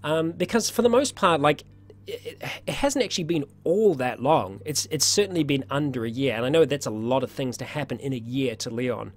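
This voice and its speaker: Speaking briskly in a medium-pitched voice, a man runs a laid-back livestream Q&A. He's upbeat and talkative, frequently laughing and starting sentences over, and his voice is getting tired.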